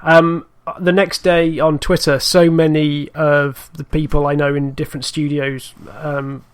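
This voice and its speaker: Male podcast guest, slightly high, monotone, measured and thoughtful. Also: clear, resonant tone. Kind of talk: casual podcast chat.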